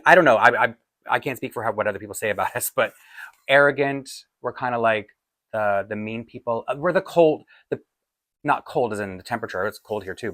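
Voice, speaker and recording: A man's voice: fairly low pitch, a bit bright, no echo. A man, from Toronto, chatting casually in a rambling, self-deprecating way as a doll collector vlogger. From Toronto, Canada. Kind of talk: casual chat.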